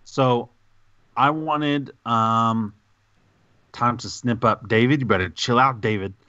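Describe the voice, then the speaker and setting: A man co-hosting a gaming podcast, rambling excitedly and goofily in over-the-top praise. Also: medium pitch, takes it slowly, dry recording, highs cut off. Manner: excitable, goofy, hyperbolic rambling. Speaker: podcast co-host. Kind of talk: casual podcast chat.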